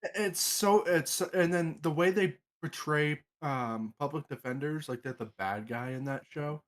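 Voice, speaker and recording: A man chatting casually with friends as a game player, getting animated and swearing when riled up. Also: on the high side, measured pace. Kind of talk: casual group chat.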